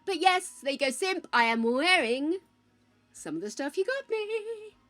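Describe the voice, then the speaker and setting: A woman's voice: extremely high pitch, big pitch swings, unhurried, a bit bright. A woman hosting a casual live stream, chatting while she plays and calling her viewers pet names.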